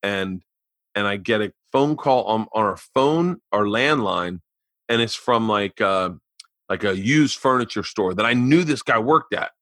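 A man telling wild stories as a comedian guest in a casual remote chat, animated and swearing freely. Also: fairly low pitch, unhurried, no room sound. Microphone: remote call recording.

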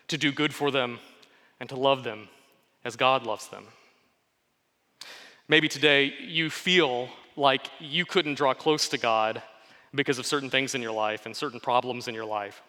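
Bright-voiced preacher man in a reverberant hall. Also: mid-range voice. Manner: earnest, steady preaching with pauses for emphasis. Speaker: pastor. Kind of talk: sermon with scripture reading.

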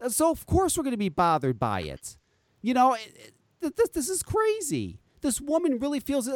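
A man's voice: very high-pitched, huge pitch swings, normal speed, dry recording. A man in his forties hosting a podcast, ranting in a profane, exasperated way in talk-radio commentary. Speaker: podcast host.

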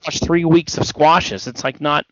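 A man with a fairly high, slightly bright voice co-hosts a casual wrestling podcast, speaking at a measured pace in dull, dry audio with no echo. He rambles and hesitates, restarting often, and sounds a bit tired, even yawning.

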